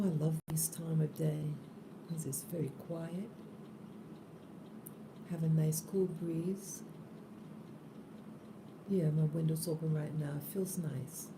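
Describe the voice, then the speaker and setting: A just-woken woman talks slowly and softly on an early morning spiritual live stream, her low voice gravelly with fry. She holds a phone close in a room with the window open, and steady noise sits under the recording. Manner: slow, drowsy, soft-spoken. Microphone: phone held close.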